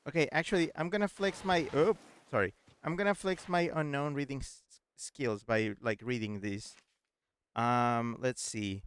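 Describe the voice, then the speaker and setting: Excitable gaming streamer man, gushing. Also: medium pitch, normal speed, smooth. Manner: gushing, repeats words, reads chat aloud. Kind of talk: excitable live gameplay chat.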